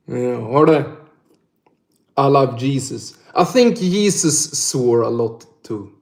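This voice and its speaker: Taking it slowly with long pauses, a young northern Swedish man with a mid-range voice and Swedish accent swears freely and laughs often while chatting on a livestream. There's a roomy echo.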